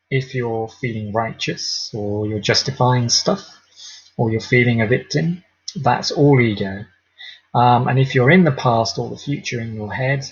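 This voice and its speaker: A man teaching mindfulness in a gentle, unhurried way, with ums and small laughs along the way. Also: medium pitch, husky. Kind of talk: relaxed spoken teaching. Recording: dull lo-fi audio.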